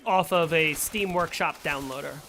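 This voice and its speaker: A man's voice: fairly high pitch, moderate pace, bright, forceful tone. A young man streaming a game and chatting casually with his viewers, answering them with playful sarcasm. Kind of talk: casual live-stream chat while playing.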